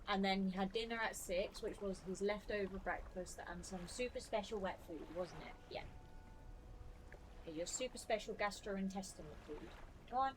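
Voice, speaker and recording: A chatty woman streams a game from home, her voice sitting at an ordinary middle pitch. She breaks off to coax and coo at her dog, then drifts back to casual chat. A faint hum of room noise stays under her voice. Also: poor audio. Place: home room with a fan running.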